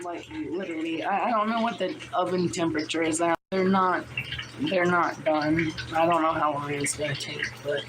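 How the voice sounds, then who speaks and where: A woman's voice: low voice, fairly even intonation, moderate pace. Profane woman in a noisy stream clip. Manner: profane, insulting and snappy. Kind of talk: casual livestream talk. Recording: noisy livestream clip audio.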